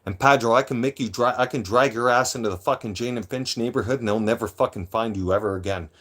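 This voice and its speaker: A middle-aged man, ranting on his live stream. He talks rough and profane, throwing out threats. His voice sits at an ordinary mid pitch for a man. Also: fast, fairly bright tone. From Toronto, Canada.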